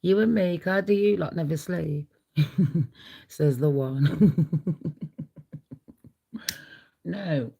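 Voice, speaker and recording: A woman's voice: deep voice, very slow, gravelly, long pauses, breathy edge, dull audio. A middle-aged woman hosting a casual livestream, chatty and blunt, laughing often. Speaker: livestream host.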